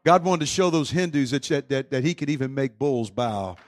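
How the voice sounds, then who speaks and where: A man preaching a sermon with fervent energy, swinging from shouts to quiet storytelling. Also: medium pitch, expressive, brisk.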